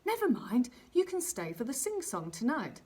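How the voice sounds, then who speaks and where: A woman's voice: high voice, wildly swooping pitch, normal speed, husky, voice pushed up, exaggerated voice. A woman playing a cheery bossy boy scout. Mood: teasing. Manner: bright, bossy, teasing.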